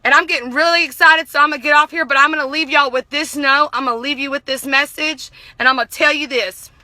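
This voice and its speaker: A woman's voice: high-pitched, fairly even intonation, fast talker, pushed and bright, no echo. A young woman delivering a heated, profane political rant to the camera. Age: young adult. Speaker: vlogger.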